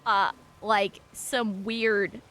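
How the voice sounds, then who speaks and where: Chatty, bright-voiced young woman streamer. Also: medium pitch, fairly even intonation, very slow. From Montana. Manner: rambling, filler-heavy, chatty with viewers. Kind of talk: casual gaming stream chat.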